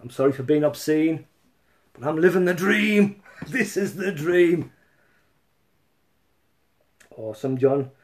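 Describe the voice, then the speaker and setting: A man's voice: fairly high pitch, expressive, slow pace, pauses often. A man rambling casually on a live stream between songs, swearing and laughing often. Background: loud acoustic guitar.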